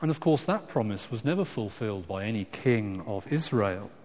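A man preaching a sermon, animated and emphatic, with frequent restarts, swinging from loud exclamations to quiet asides. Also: lowish voice, moderate pace. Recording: long hall reverb.

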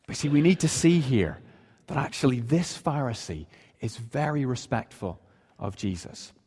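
A man's voice: medium pitch, expressive, normal speed, husky. A man preaching a sermon as pastor of his church. He explains scripture earnestly and asks the congregation rhetorical questions. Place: church sanctuary. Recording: long reverb of a large hall.

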